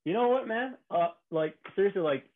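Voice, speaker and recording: A man's voice: high voice, lively intonation, brisk. A man chatting casually over a remote call, rambling with many restarts and laughing often. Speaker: podcast co-host on a call. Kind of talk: casual chat. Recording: tinny phone-like call audio.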